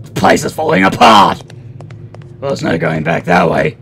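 A man's voice: fairly high pitch, wildly swooping pitch, normal speed, gravelly, soft background music. A man doing profane, joking let's play commentary while playing a horror game. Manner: crude, loud, profane joking. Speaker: gaming channel host.

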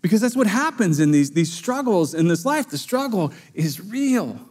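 A man with a fairly high, very lively voice preaches a sermon in an easygoing, conversational way. He slips into quick character voices for the people in his story, and his pitch leaps about as he does. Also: slightly rough. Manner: conversational, acts out quoted voices with sudden high pitch jumps. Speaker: pastor.

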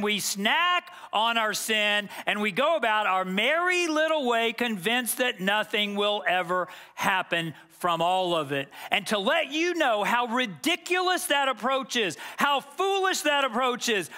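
A man's voice: very high-pitched, pushed and bright, big-room sound. A man preaching a sermon as pastor, talking conversationally and acting out quoted asides. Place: church sanctuary.

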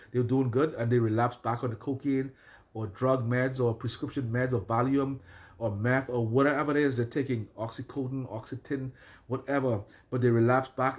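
A man's voice: medium pitch, a little mellow. A man preaching a deliverance sermon as a prophet, listing troubles in repeated phrases and then commanding prayers. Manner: repetitive, declaring and commanding prayers.

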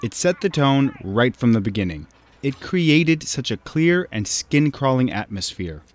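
A man reads a scripted video essay in a mid-pitched voice. He keeps a measured, explanatory pace and talks straight to the viewer. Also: sing-song.

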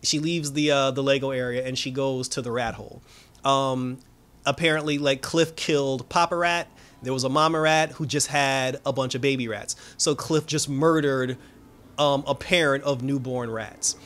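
A man's voice: medium pitch, steady tone, normal speed, fairly bright tone. A man giving a casual, rambling recap of a TV episode, full of filler words, swearing and frequent laughs. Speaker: TV reviewer.

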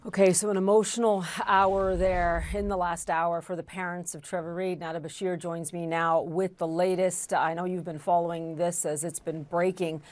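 Lower-voiced woman anchoring the news. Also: flat delivery, moderate pace, few pauses. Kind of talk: live news broadcast.

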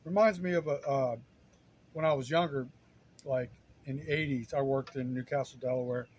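A man in his fifties tasting his own cooking on a casual vlog, talking in a halting, stuttering, self-deprecating way, sometimes while chewing. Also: medium pitch, steady tone, darkish tone. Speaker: cooking vlogger.

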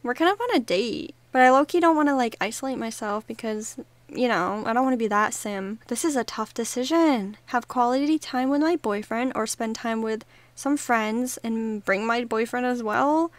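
A young woman with a slightly high voice talks through her life-simulation game in a loose, chatty way. She reacts to every moment and jumps into her characters' lines with playful running commentary. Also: normal speed, dry recording. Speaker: gaming YouTuber. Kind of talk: casual let's-play commentary.

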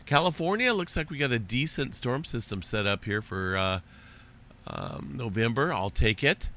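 A hoarse man with a lingering cough, hosting a casual spoken weather update in a loose, folksy way and calling viewers folks. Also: medium pitch, animated, moderate pace, pushed and bright, slight background noise. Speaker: host of an earthquake and weather update channel.

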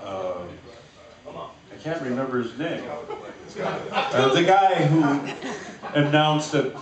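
An older man in a band, telling a rambling story between songs at a concert, with halting pauses and fillers. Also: a little high, big pitch swings, crowd noise. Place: concert venue stage. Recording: echoey live hall from far off.

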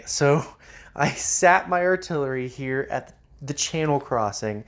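A man's voice: medium pitch, fairly bright tone. A man giving casual commentary on a strategy game, with many ums and uhs. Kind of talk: gameplay commentary.

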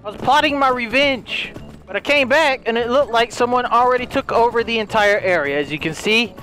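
A young man doing excitable, playful solo gameplay commentary, swearing casually as he goes. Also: very high-pitched, fairly quick, faint music behind. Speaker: gaming YouTuber.

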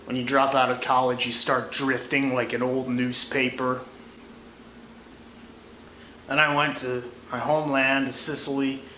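A man's voice: mid-range voice, pushed and bright. A young American man giving a crude, sarcastic comedy monologue. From United States. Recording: echoey room, faint noise.

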